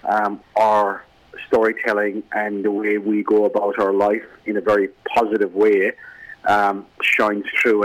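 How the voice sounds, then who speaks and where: Irish guy, middle-aged, lowish voice, lilting chatty storyteller on radio. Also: low-quality recording. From Ireland. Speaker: radio guest. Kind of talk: casual radio chat. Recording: radio broadcast.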